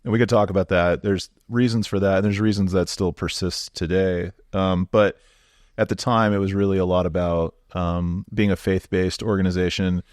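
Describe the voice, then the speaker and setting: Deep-voiced man, relaxed storyteller. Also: normal speed, dry recording, clean studio sound. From Southern California. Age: 40s. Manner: relaxed storytelling, lots of fillers. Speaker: guest, nonprofit executive director. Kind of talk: podcast conversation.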